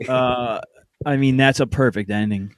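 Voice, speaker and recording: A man's voice: mid-range voice, fairly even intonation, a little slow, no echo. Mocking, incredulous man podcast host. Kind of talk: casual podcast chat.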